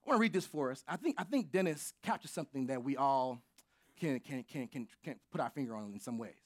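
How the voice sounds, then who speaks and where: A man preaching a sermon as pastor, swinging from shouts to near whispers, with informal, joking asides to his congregation. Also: mid-range voice, animated, brisk.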